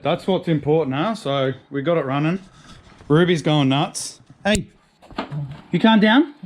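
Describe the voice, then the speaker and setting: An excitable man chatting his way through a car build in his garage, full of slang. His voice sits fairly high for a man, and a faint hiss of noise lies under the recording. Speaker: car restoration vlogger. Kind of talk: casual garage vlog. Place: garage workshop.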